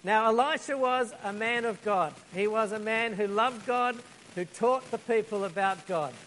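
A high-pitched man preaching a lively sermon. He tells a Bible story with energy, acts out the quotes and picks up props as he goes. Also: moderate pace, slight background noise.

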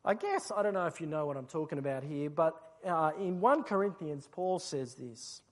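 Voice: mid-range voice, expressive, normal speed, few pauses. A preacher giving an expository sermon, explaining a passage and asking rhetorical questions.

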